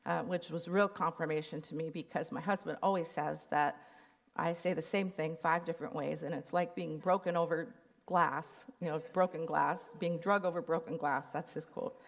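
A woman's voice: fairly low pitch, normal speed. A middle-aged woman gives a candid, emotional personal testimony at a church conference. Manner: candid and emotional, laughing while telling the story. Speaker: conference speaker.

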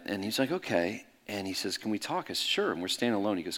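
A middle-aged man preaching in a candid, conversational way, swinging between loud bursts and soft hushed asides. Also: low-pitched, lively intonation, quick pace, hardly any pauses. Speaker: pastor. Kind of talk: sermon storytelling.

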